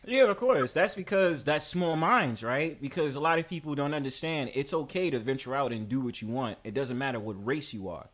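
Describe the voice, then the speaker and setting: A man's voice: medium pitch, brisk, hardly any pauses, fairly bright tone. A man hosting a livestream in casual, slangy, joking chat, full of filler phrases. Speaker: stream host.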